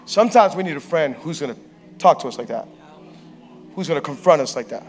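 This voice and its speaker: A pastor preaching a sermon on a church stage, telling a story playfully and acting out the people in it. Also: male voice, on the high side, fairly quick. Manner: lively, playful storyteller who acts out quotes.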